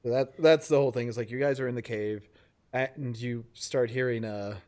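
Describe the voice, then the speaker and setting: A man narrating as game master in a casual tabletop game, halting and full of fillers, laughing often. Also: medium pitch, steady tone, darkish tone.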